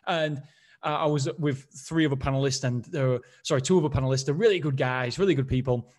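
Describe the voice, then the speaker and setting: A man hosting his own solo podcast, a high-energy storyteller who rambles and restarts his sentences often. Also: fairly quick, darkish tone. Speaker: podcast host.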